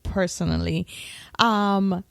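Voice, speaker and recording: A woman's voice: medium pitch, steady tone, slow pace, vocal fry, a bit bright, dry recording. A woman co-hosting a podcast, asking curious questions with plenty of "like" and "um.". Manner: curious interviewer, lots of "like" and "um". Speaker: podcast co-host. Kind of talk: casual chat.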